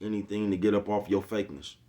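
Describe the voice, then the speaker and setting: Man with a lowish voice, rambling street-slang vlog rant, keeps checking in with the listener. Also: little pitch movement, fast, warm tone. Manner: rambling, profane, keeps asking "you know what I'm talking about"; streetwise slang, repeats himself. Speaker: vlogger. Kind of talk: unscripted rant to camera.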